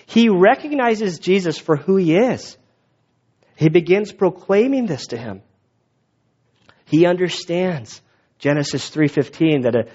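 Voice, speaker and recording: A male pastor giving a casual, conversational sermon, in a dull lo-fi recording. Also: on the high side. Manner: casual, quick, conversational with restarts.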